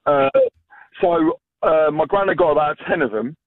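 A man's voice: on the high side, expressive, moderate pace, no echo. A man in his thirties from Ireland with an Irish accent, calling a radio phone-in and telling a rambling story full of fillers. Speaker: caller. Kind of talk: phone-in anecdote. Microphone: phone line. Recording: tinny phone line.

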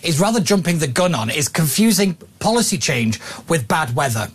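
A man with a fairly high voice argues his point hard and with feeling. He presses on, repeating words to drive each point home. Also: big pitch swings, moderate pace, slightly rough. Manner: forceful, emphatic, repeats himself when making a point. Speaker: political commentator guest. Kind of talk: heated political debate.

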